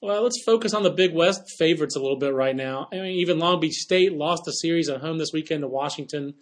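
A man co-hosting a baseball podcast, talking in a quick, chatty way with joking asides. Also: a little high. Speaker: podcast co-host. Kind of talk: casual sports talk.

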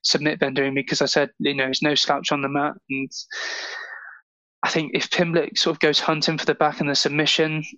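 Man breaking down fights, flat tone. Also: on the high side, no room sound, poor audio. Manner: measured, with filler "you know". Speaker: podcast co-host, fight analyst. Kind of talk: casual betting analysis.

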